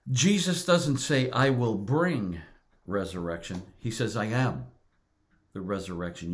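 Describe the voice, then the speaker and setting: A middle-aged male pastor preaching a sermon, earnest and deliberate, repeating words for emphasis. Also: fairly low pitch.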